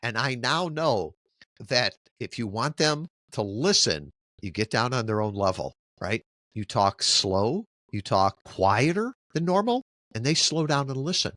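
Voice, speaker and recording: A middle-aged man answering interview questions in a lively, storytelling way, often checking in with "right?". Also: medium pitch, measured pace, no echo, clean studio sound. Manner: animated storyteller who keeps asking "right?". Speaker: podcast guest, marketing company founder.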